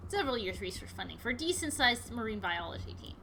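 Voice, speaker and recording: Brief: animated woman, higher bright voice, casual let's-play commentary. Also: quick pace, a little hiss or hum. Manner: chatty, excitable, yelps at the game. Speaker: gaming video host.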